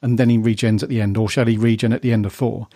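A man with a mellow, relaxed tone talks through rumours in an easy, rambling podcast chat. His voice is recorded close and dry, with no room sound. He keeps checking in with his co-host. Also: mid-range voice, fast, no room sound. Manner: chatty, rambling, asks his co-host's view. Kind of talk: casual fan podcast chat.

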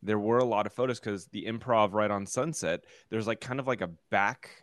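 Low-voiced man hosting, dry sound. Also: a little fast, a bit bright, no echo. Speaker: host. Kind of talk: casual interview.

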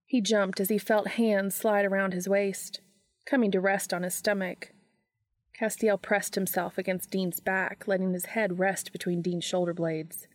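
A woman reading a story aloud in a soft, even storytelling manner. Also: medium pitch, unhurried. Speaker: narrator.

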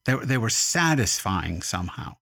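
Low-voiced thoughtful male interviewer. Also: very animated, vocal fry, pushed and bright, no room sound. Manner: thoughtful, unhurried, reads quotes aloud. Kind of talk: radio interview.

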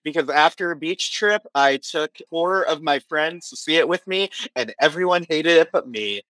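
A man co-hosting a casual podcast, an animated and giggly film enthusiast. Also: a little high, normal speed, no echo, low-quality recording. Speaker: podcast co-host. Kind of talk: casual chat.

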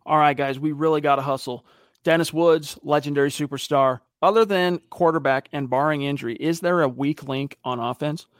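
Lively sports podcast host, dry mic. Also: male voice, a little high, brisk, no echo. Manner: animated storyteller, acts out quotes. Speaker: podcast co-host reading live chat. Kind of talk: casual sports talk.

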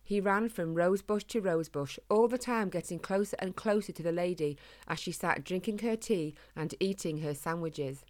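A woman narrates a children's storybook. She reads in a gentle, measured way, and her voice sits on the lower side. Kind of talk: storybook reading.

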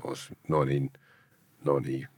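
A man's voice: a bass voice, level tone, a little fast, darkish tone, breathy edge. A man in his fifties, telling his story bluntly in streetwise slang. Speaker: guest who committed a kidnapping. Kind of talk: candid storytelling.

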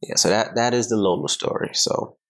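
A man's voice: fairly low pitch, a little fast, fairly bright tone. A man co-hosting a podcast in casual chat, laid-back and blunt, telling stories with animation. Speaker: podcast co-host.

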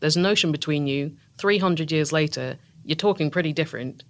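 A woman's voice: low-pitched, fairly quick. An English woman guesting on a podcast, wry and self-deprecating, laughing easily in casual conversation. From England. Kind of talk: casual interview chat.

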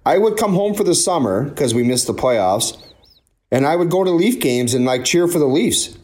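A man's voice: a little high, very animated, normal speed, a little mellow. A man in his forties, a former pro hockey player, talking candidly and at length in an interview, often repeating himself. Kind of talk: emotional interview conversation.

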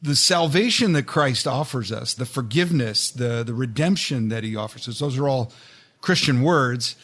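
A man's voice: mid-range voice, expressive, normal speed, a bit bright, slightly rough. A man hosting an interview, reflecting on and summing up his guest's points before he asks the next question. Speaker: host. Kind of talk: interview conversation.

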